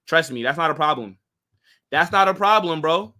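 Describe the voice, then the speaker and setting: A man's voice: fairly high pitch, lively intonation, moderate pace, sharp tone. A young American man hosting a casual football live stream, reading viewer comments and answering in slangy talk full of "bro" and "like". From United States. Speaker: football channel host.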